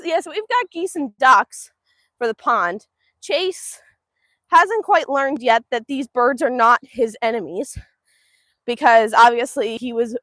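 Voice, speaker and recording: Lively high-voiced woman chatting outdoors. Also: no echo, clean studio sound. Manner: chatty, laughs often, answers chat on the fly. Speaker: homestead livestream host. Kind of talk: casual livestream chat. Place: outdoors on a farm. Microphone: phone livestream.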